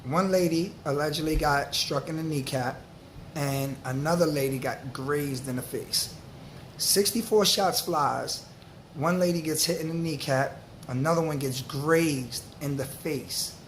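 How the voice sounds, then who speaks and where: A man, telling a story to camera in a loose, slang-filled, animated way. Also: a little high, a little slow, slight background noise. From New York. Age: 40s. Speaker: vlogger.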